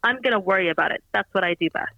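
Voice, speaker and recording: A woman's voice: mid-range voice, rapid-fire, gravelly, no echo. A woman guest on a podcast, chatting casually and acting out quotes as she tells stories over a muffled remote line. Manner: animated storyteller, acts out quotes. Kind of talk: casual chat.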